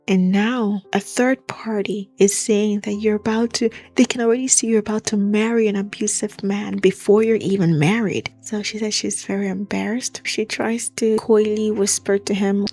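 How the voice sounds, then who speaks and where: A woman's voice: mid-range voice, darkish tone. A young woman telling a true-crime story in a chatty, personal way, with asides about her own life.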